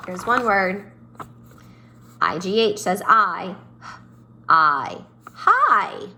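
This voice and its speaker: A woman's voice: medium pitch, very animated, extremely slow, background noise. A woman teacher giving a phonics lesson to young children. She has a sing-song way of talking, stretching and stressing each sound.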